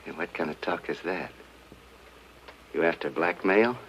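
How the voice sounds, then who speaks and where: A man's voice: sits low, a little slow, a little hiss or hum. An actor playing a nervous male small-time crook in a 1940s film, jumpy and defensive. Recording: muffled old film soundtrack with music.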